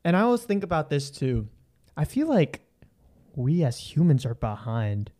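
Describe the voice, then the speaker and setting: A woman's voice: sits low, sing-song, normal speed, warm tone. A young woman co-hosting a casual chat, rambling with lots of fillers and swearing. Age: young adult. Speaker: podcast co-host.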